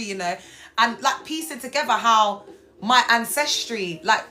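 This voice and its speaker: A woman hosting a casual live stream from a hospital bed, chatting to viewers and reading their comments, animated and quick to break into high excited exclamations. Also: very noisy. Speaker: livestream host.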